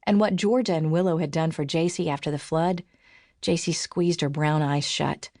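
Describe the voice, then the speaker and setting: A woman reads an audiobook in a low, dry, close-miked voice. She lifts her pitch for the characters' lines. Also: fairly even intonation, moderate pace, a little mellow, no room sound. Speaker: audiobook narrator. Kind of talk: scripted audiobook narration.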